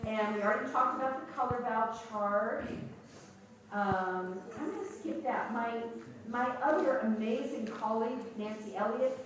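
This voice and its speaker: A woman's voice: fairly high pitch, normal speed. Chatty woman teacher, echoey hall. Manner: chatty, animated, many ums and restarts. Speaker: pronunciation teacher trainer. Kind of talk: workshop presentation. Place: large lecture room. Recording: echoey hall from far off with noise.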